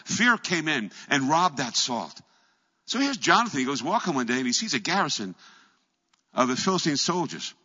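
Middle-aged male pastor, bright husky voice, storytelling sermon, long hall reverb on a dull lo-fi recording. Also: mid-range voice. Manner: storytelling preacher, acts out voices and swings from quiet to loud. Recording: echoey hall, dull lo-fi sound.

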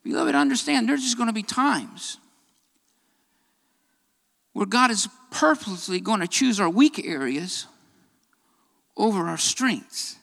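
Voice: mid-range voice, very animated, unhurried, gravelly, long pauses, fairly bright tone. A preacher delivering an emphatic sermon, repeating key phrases and building to raised, fervent passages. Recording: long hall reverb.

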